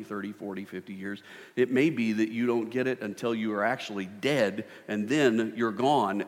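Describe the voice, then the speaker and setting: A middle-aged man preaching a sermon, animated, swinging from loud bursts to hushed tones. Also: fairly low pitch. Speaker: pastor. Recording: long hall reverb.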